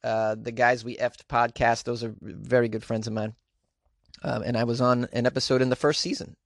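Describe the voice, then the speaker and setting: A man's voice: mid-range voice, level tone, normal speed, vocal fry, dry recording. Guy comic hosting his podcast, loose rambly chat, lots of ums, dry close mic. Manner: rambling, with many ums and trailing asides. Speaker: podcast host and comedian. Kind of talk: casual chat, reading out listener reviews.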